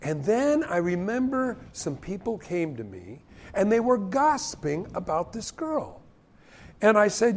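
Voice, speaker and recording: There's a little hiss or hum as a man with a high voice preaches at a measured pace. As pastor, he tells the sermon's stories with energy and acts out the voices of the people in them.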